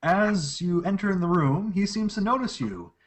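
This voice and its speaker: A man running a tabletop game as game master, describing scenes in a lively storytelling way. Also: sits high, moderate pace.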